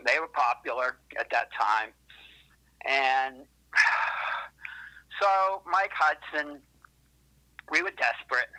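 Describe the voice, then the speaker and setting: A musician being interviewed tells rambling, profane stories, constantly correcting himself with asides. His mid-range voice is pushed and bright, captured on poor-quality audio.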